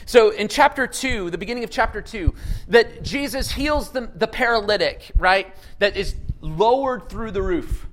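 A man with a high-pitched voice delivers a sermon with lively energy. He keeps asking his listeners questions and reads scripture aloud with dramatic emphasis. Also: normal speed, a little hiss or hum, rough recording. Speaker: pastor.

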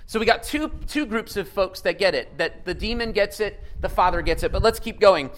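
A man with a high-pitched voice delivers a sermon with lively energy. He keeps asking his listeners questions and reads scripture aloud with dramatic emphasis. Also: a little fast, low-quality recording. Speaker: pastor.

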